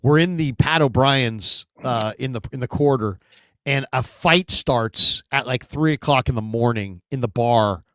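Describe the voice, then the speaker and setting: A man hosting a sports talk show in casual chat, telling stories with lively acted-out quotes. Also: medium pitch, measured pace, no echo. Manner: animated storyteller, acts out quotes.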